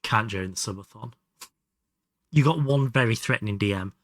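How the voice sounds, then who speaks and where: A man's voice: fairly low pitch, normal speed, a bit bright, dry recording, clean studio sound. A young man with a Hull Yorkshire accent, casually chatting and swearing while playing a game on a live stream. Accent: Hull Yorkshire English. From Hull, England. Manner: chatty, swearing, laughing asides. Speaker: livestream gamer.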